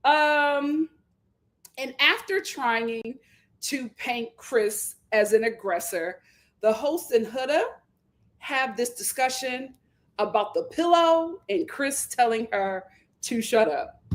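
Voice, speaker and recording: Young adult woman, sarcastic reality TV rant, high voice, big swings in pitch. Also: slow. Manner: animated, sarcastic, mocking impressions, breaks into laughter. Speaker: commentary channel host.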